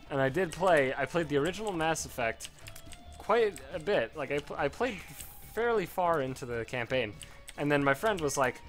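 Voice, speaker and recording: A man's voice: on the high side, lively intonation, moderate pace, a bit bright, faint music behind. A young man chatting offhand and rambling while he plays a game, swearing casually. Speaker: gaming video host. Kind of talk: casual commentary over gameplay.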